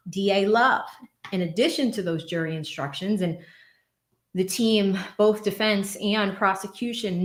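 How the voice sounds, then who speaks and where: Chatty woman streamer from Boston, roomy. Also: medium pitch. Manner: chatty, animated, reads out viewer messages. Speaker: legal commentary streamer. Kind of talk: livestream commentary and chat shout-outs.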